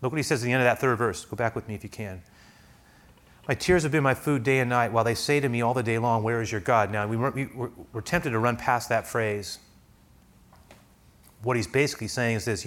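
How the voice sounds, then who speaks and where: A middle-aged man preaching a sermon as pastor, earnest, moving from hushed lines to loud pleading ones. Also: medium pitch, a little fast, long pauses.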